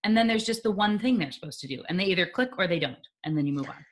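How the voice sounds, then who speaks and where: A woman guest in a conversational interview, explaining her ideas in a lively way with acted-out examples and laughter. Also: lowish voice, fast.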